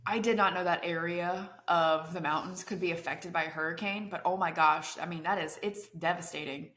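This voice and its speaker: A woman's voice: fairly low pitch, fairly even intonation, a little fast, a bit bright. A woman co-hosting a casual podcast, chatting and teasing her sister with a giggle. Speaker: podcast co-host. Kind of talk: casual chat.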